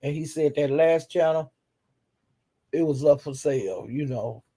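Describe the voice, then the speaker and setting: A man's voice: on the high side, measured pace, warm tone. A man hosting a casual chat, bluntly retelling online drama in a chatty, gossiping way. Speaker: host recapping livestream drama.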